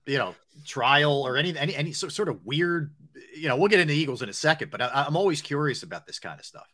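Easygoing Philly sports radio host. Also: male voice, on the high side, expressive, fast, fairly bright tone. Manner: easygoing, prompting questions. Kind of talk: casual sports radio interview.

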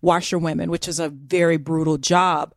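A woman co-hosting a podcast in animated casual chat, laughing often and digressing freely. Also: low-pitched, normal speed, no room sound, studio quality. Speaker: podcast co-host.

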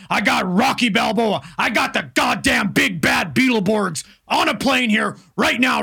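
A man voicing a gruff, hotheaded American official who barks and swears in a comedy sketch. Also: sits high, bright, forceful tone, full character voice. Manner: barking, profane, bullying.

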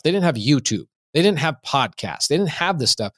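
Fast-talking emphatic man telling a story. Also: on the high side, very animated, a bit bright, no room sound, studio quality. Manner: emphatic, fast, acts out quotes. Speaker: podcast guest, real estate investor. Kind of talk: animated interview storytelling.

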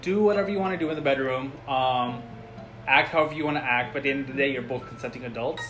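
A man co-hosting a casual podcast, making his point earnestly and hesitantly with many pauses. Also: mid-range voice, a bit bright, soft background music, low-quality recording. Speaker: podcast co-host.

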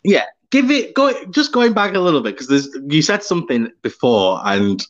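A man's voice: a little high, big pitch swings, normal speed. A man hosts a podcast and teases his guest in a playful, casual tone. His voice rises and falls a lot. The audio is dull and lo-fi. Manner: playful, teasing. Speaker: podcast host. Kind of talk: casual interview chat.

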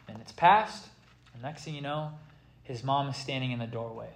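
A man preaching a sermon, animated and theatrical, acting out scripture and laughing along. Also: medium pitch, moderate pace, vocal fry, roomy sound, poor audio. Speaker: pastor.

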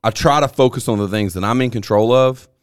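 A man's voice: medium pitch, brisk, clear, resonant tone, no room sound. A man hosting a casual podcast chat, laid-back and rambling, often repeating himself. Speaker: podcast host.

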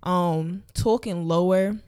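A woman's voice: fairly low pitch, steady tone, slow pace, darkish tone, smooth. Young adult woman, Jersey accent, casual podcast co-host, chatty, rambling and profane. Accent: New Jersey. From New Jersey. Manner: chatty, profane, with many fillers. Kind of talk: casual conversation.

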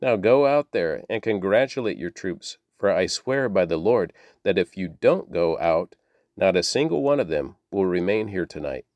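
Guy reading as a stern army commander, low voice, blunt and scolding, dry sound. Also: animated, normal speed, a little mellow, no room sound. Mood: rebuking.

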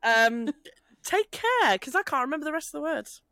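A woman's voice: high-pitched, sing-song, moderate pace, pushed and bright, no echo, clean studio sound. A woman co-hosting a podcast in casual chat, flustered and laughing a lot. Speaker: podcast co-host.

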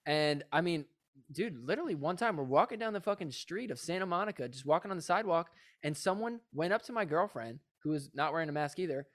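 A man's voice: fairly high pitch, quick pace. A man who is a guest on a podcast, chatting casually, swearing and laughing as he retells a story with energy. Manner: profane, laughing, animated retelling. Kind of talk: casual chat.

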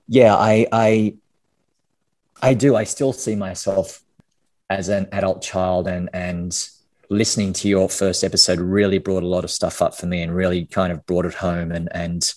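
A man's voice: deep voice, flat delivery, a little slow, darkish tone. An Australian man in his forties, a podcast guest speaking frankly and casually, often restarting his sentences with repeated words. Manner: frank, swears casually, repeats words when starting thoughts. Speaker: guest, memoir author. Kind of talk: candid podcast conversation.

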